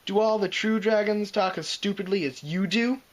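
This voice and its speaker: A man's voice: high voice, normal speed, voice pushed up, close to an everyday voice. A man voicing Spike, a young boy dragon who is frightened but talks back defiantly. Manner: pleading, retorting, insolent.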